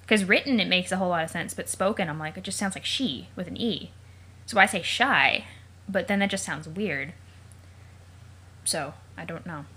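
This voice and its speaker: A woman hosting a let's play reads the comic's text aloud in a relaxed, casual way. She talks at an ordinary middle pitch and keeps breaking off into chatty, joking side comments and questions she wonders about aloud. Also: husky.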